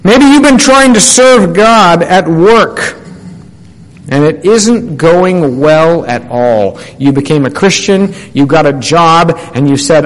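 A man's voice: animated, slow pace, big-room sound, low-quality recording. A man preaching a sermon, emphatic, rising on key words and asking listeners direct questions. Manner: emphatic, rising on key phrases, drops low at the ends of statements.

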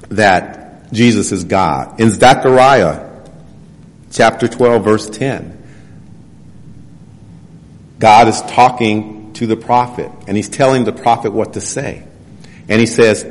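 A man preaching a sermon. He reads scripture passages slowly and presses his points with rhetorical questions. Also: medium pitch. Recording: long hall reverb.

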